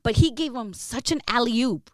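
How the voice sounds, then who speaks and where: A woman radio host telling candid stories in a casual interview, animated and quick to laugh, swearing freely. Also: a little high, no room sound, studio quality.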